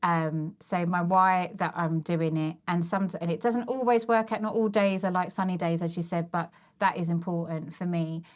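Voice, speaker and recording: A woman in her thirties talks openly as a podcast guest, her voice sitting a little low. She reflects as she goes, in a loose, conversational way. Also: steady tone, moderate pace, hardly any pauses. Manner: candid and reflective, with many fillers and restarts. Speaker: guest, working mother and business owner. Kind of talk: casual chat.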